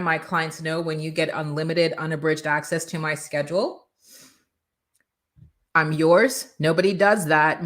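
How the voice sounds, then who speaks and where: Emphatic woman brand coach, lowish voice. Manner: energetic, emphatic, acts out quoted voices. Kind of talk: motivational coaching talk.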